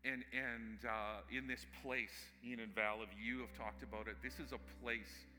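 A man's voice: mid-range voice, steady tone, moderate pace, sharp tone, long reverb tail, a little hiss or hum. A male pastor preaching a sermon in a church, telling stories casually with humor and asides to the congregation.

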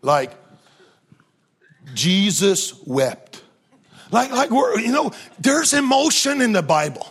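A man preaching a lively sermon, often calling "come on" to the congregation and laughing between points. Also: very high voice, normal speed, few pauses, husky. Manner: energetic, calls to the crowd, laughs often.

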